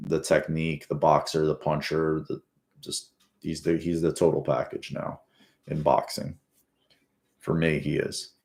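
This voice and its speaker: Low and rumbling, a little mellow, this man's voice carries casual football commentary as he rewatches a game. As a sports fan, he rambles, swears, and often starts over.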